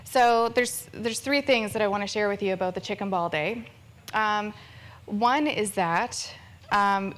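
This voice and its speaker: A woman from Ontario in her thirties gives a candid, self-deprecating personal story at a fundraiser on stage, laughing often. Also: mid-range voice. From Ontario, Canada. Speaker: fundraiser speaker. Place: event stage with audience.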